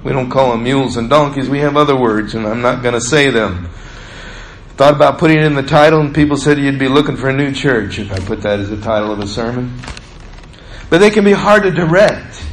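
A man preaching a sermon in a folksy storytelling way, stretching out words for emphasis and dropping low on asides. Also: a little fast, a little hiss or hum. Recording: echoey room with faint ambience.

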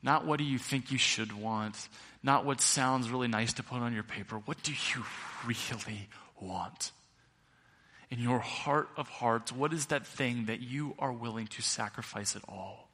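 A middle-aged male pastor preaching a sermon, building to loud peaks and then dropping quiet. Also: medium pitch, moderate pace. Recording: long reverb of a large hall.

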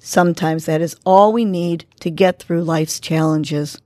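A woman hosting a morning podcast, guiding a breathing exercise and giving encouraging words in a soothing, steady voice. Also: fairly low pitch, dry recording, clean studio sound. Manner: slow, soothing, encouraging delivery. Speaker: podcast host. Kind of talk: guided breathing and motivational talk.

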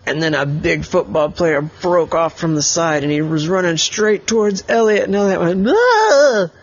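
A man improvising a bedtime story, rambling and animated, slipping into quick voices for the characters. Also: fairly high pitch, slightly rough. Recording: dull lo-fi sound.

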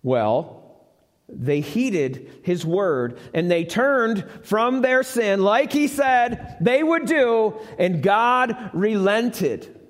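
A man's voice: high voice, animated, very slow. A male pastor telling a Bible story in a conversational live sermon, asking the congregation questions. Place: church sanctuary. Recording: live church with long reverb.

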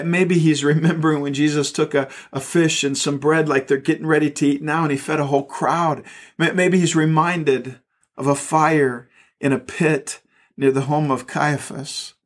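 A man preaching a sermon, retelling a story in an earnest way and often stumbling over repeated words. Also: fairly high pitch. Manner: earnest storytelling with frequent stammered word repeats. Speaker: pastor.

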